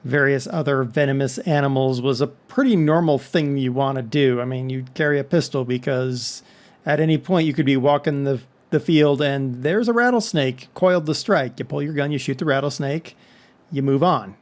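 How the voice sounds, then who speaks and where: A man's voice: mid-range voice, moderate pace. A man from Texas talking casually to his viewers in a rambling monologue full of joking asides. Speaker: vlog host.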